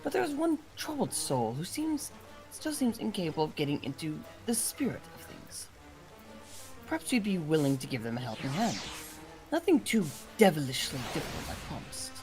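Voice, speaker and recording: A woman's voice: low voice, sing-song, normal speed, a little mellow, soft background music, rough recording. A woman reading game dialogue aloud as a theatrical, scheming festival host who befriends fiends, with grandiose, archaic phrasing.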